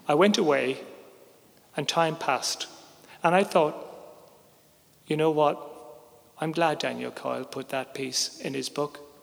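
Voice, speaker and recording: A man's voice: fairly high pitch, creaky, a bit bright. A middle-aged man, a journalist, telling a personal story on stage in a candid, wry, conversational way. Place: theater stage before an audience. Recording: reverberant live hall.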